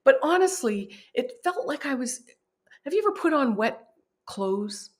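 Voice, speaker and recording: Woman, podcast guest, lively personal storytelling, somewhat high voice, laughs at her own story. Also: a little slow. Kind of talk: personal storytelling in a conversational interview.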